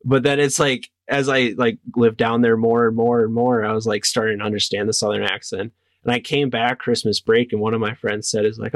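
A young man from northern Wisconsin, a cyclist, answering interview questions in a relaxed way with lots of "like". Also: mid-range voice, fairly quick, hardly any pauses, no echo. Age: young adult. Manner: relaxed, many "like" fillers. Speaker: cyclist guest.

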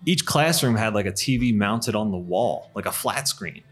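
Animated man telling school stories. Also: on the low side, moderate pace. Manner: animated storyteller, acts out quoted lines, laughs often. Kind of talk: casual chat.

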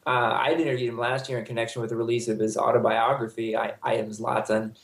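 A man's voice: medium pitch, flat delivery, fast talker. Man in a roomy space, talking soccer. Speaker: soccer journalist. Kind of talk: casual panel chat.

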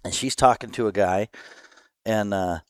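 A man hosting a podcast, telling stories in a casual, animated way and laughing often. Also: lowish voice, normal speed, dry recording. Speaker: podcast host. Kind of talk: casual chat, storytelling.

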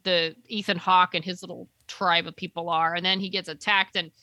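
A woman with a bright, clear voice chats casually, recapping a show in loose, rambling sentences. She often trails off to search for a name. The sound is dry and close, with no room echo. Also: on the low side, little pitch movement, brisk. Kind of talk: casual chat recapping a TV episode.

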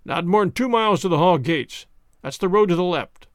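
A man voicing a surly, menacing male innkeeper and blacksmith who talks in a gruff, hostile, blunt way in a storybook reading. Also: sits high, expressive, a little fast, no room sound, studio quality.

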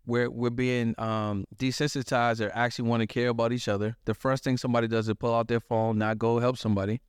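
Podcast guy chatting slangy and emphatic, smooth clear voice, dry sound. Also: mid-range voice, little pitch movement, fast, no echo. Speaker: podcast guest. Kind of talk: casual conversational interview.

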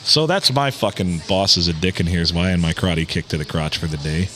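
A man co-hosting a podcast in casual, profane banter while fighting a cold, swinging between excited outbursts and low mutters. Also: brisk. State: has a cold. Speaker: podcast co-host. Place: bar.

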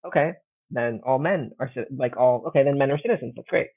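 A man in relaxed academic chat, thinking aloud with frequent restarts and self-deprecating asides. His voice comes through a thin, phone-like line. The sound is close and dry. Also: mid-range voice, fairly quick, vocal fry, breathy edge, no echo. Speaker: podcast co-host, classics scholar.

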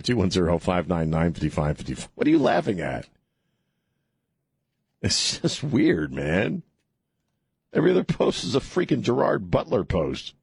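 A man's voice: sits low, creaky, darkish tone, breathy edge, dry recording, clean studio sound. A middle-aged man hosting a call-in radio show, rambling and sarcastic as he restarts his sentences. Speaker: radio talk show host. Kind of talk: casual talk radio monologue. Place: radio studio.

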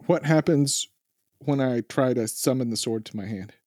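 Deadpan man at a tabletop game. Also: mid-range voice, moderate pace, no echo, studio quality. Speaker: player.

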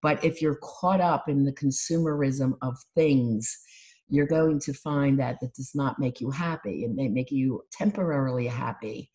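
A woman life coach giving a calm, instructive talk on gratitude and mindfulness, listing things one by one. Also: a bass voice, normal speed. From United States.

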